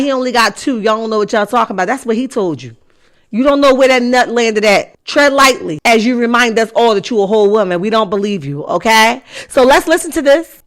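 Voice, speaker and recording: A woman hosting a commentary vlog, sassy and speaking straight to her viewers. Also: a little high. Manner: sassy, addresses viewers directly. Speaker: commentary channel host.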